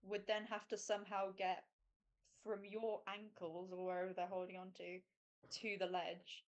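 A woman's voice: medium pitch, completely flat delivery, normal speed. A woman playing in a tabletop role-playing game, pointing out the flaws in plans with sarcastic remarks. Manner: sarcastic, practical. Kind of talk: casual chat at a tabletop game.

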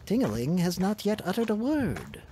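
A man's voice: high voice, wildly swooping pitch, mellow, a little hiss or hum, pitched above the performer's own voice. A man voicing an anxious male companion in a fairy tale, speaking with worried urgency. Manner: worried, hurried pleading.

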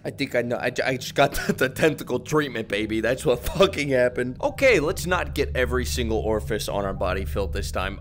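A young man giving loud, profane, comedic commentary while playing a horror game, yelping and laughing at scares. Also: medium pitch, sing-song, brisk, faint music behind. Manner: profane, jumpy, yelps and laughs often. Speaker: gaming YouTuber.

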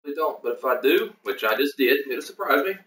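A man's voice: medium pitch, lively intonation, brisk, sharp tone, distant mic. A man hosting a casual livestream, rambling through team lineups with many fillers and self-corrections. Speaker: league host reviewing team depth charts. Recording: echoey room, voice off the mic.

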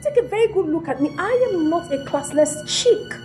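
A woman's voice: very high voice, expressive, moderate pace, darkish tone, faint music behind. A Nigerian actress playing a haughty young woman who coldly lectures and dismisses her boyfriend. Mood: scornful. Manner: cold, scornful, lecturing. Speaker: actor. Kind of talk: film acting.

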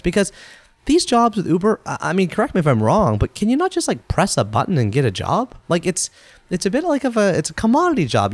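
A man hosting a podcast, telling a story in a chatty, animated way and acting out the quotes. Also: medium pitch, no room sound. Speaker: podcast host.

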